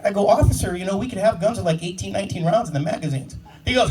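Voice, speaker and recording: A man doing stand-up comedy about police work, telling brash, profane stories quickly. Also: high-pitched, expressive, noisy background. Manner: brash, profane, fast storytelling punctuated by laughs. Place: comedy club stage before a live audience. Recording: distant mic with loud crowd laughter.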